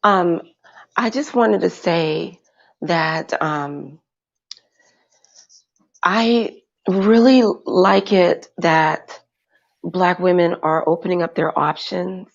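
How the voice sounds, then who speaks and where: A woman speaking as a panel guest in a casual online chat, hesitant and halting with many fillers. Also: lowish voice, gravelly. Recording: dull lo-fi audio.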